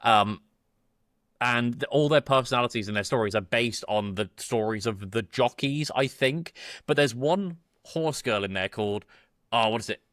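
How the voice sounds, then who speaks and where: British male co-host, easygoing one-liner delivery, dry close-miked sound, mid pitch. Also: normal speed, fairly bright tone, dry recording. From Britain. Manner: laid-back, chuckling one-liner delivery. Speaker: podcast co-host. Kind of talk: casual comedic chat.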